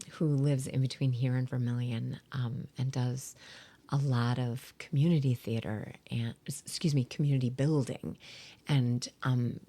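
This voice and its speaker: A woman from South Dakota talks in a strikingly deep voice, rough with vocal fry and a husky, breathy edge. She tells rambling stories as an interview guest, full of ums, and often slips into soft whispered asides. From South Dakota, USA. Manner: rambling storytelling with many fillers, dropping into soft whispery asides. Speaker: guest, actor and theater teacher. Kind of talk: casual interview chat.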